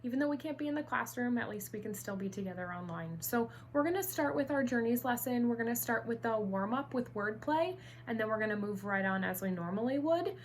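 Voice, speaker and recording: A woman teaching an online first grade reading lesson, upbeat and encouraging, enunciating clearly. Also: a little high, expressive, brisk, few pauses, a little hiss or hum.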